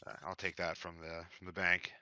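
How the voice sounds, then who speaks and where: A man's voice: low-pitched, level tone, brisk, sharp tone, a little hiss or hum. A man playing in a tabletop game, chatting casually and hesitantly, searching for words. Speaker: player. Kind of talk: casual chat.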